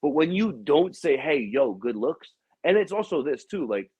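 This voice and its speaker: Podcast host, young man, husky, animated, profane storyteller, dry dull audio. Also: moderate pace, dry recording. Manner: animated, profane, acts out quotes with raised pitch. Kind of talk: casual storytelling chat.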